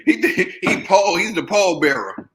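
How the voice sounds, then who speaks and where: A man co-hosting a boxing show jumps in with quick, laughing asides. His voice is bright, fairly high and lively in pitch. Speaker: podcast co-host. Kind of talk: casual chat.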